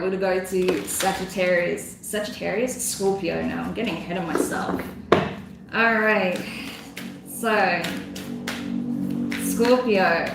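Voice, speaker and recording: A woman's voice: on the low side, gravelly. A woman giving a casual tarot reading, effusive and emotional, chatty with lots of fillers. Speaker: tarot reader. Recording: very echoey room with faint noise.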